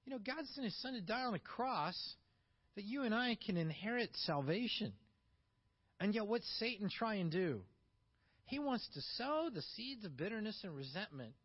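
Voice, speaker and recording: A pastor with a high, husky voice delivers a sermon that swings between emphatic, rising peaks and quiet asides. The recording comes across a bit dull and muffled.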